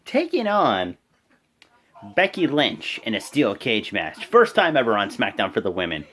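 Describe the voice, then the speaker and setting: A man's voice: fairly low pitch, normal speed, breathy edge. A man hosting his own reaction channel, recapping a show casually with lots of fillers and rambling asides. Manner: rambling, with many fillers and "and whatnot"; breaks into loud, excited voices when quoting. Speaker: host of a wrestling reaction channel.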